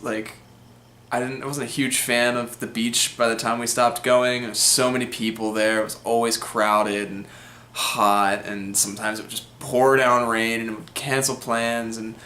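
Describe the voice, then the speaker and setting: A young man hosts a film vlog, reviewing a classic movie in a rambling, chatty monologue packed with fillers. His voice is mid-range and fairly bright, and the recording has a roomy echo.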